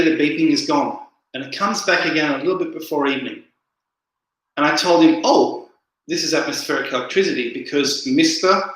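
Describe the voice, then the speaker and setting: A man's voice: a little high, fairly bright tone. Rambling man in a very echoey room. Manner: rambling, repeats words, answers viewer comments. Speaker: livestream host reading chat. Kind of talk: casual livestream chat. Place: indoor room, home livestream.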